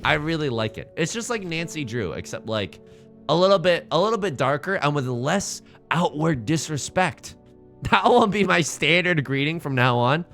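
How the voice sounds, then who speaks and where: A man's voice: on the high side, lively intonation, normal speed, fairly bright tone, faint music behind. A man streaming a game, joking around and reading the game's text aloud in silly voices. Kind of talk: casual game commentary.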